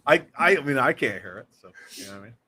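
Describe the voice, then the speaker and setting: A man's voice: mid-range voice, lively intonation, fast, pushed and bright. A man hosting a casual livestream, reading viewer comments aloud and joking around. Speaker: livestream host.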